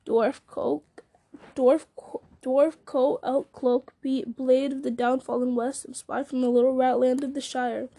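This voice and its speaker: A scornful herald of a dark lord, sneering and gloating at his enemies, as a woman reading a storybook puts him on. The voice sits fairly high with a soft, mellow tone. He mocks and taunts in archaic speech. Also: little pitch movement, measured pace. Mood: taunting. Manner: taunting, sneering, laughing at others.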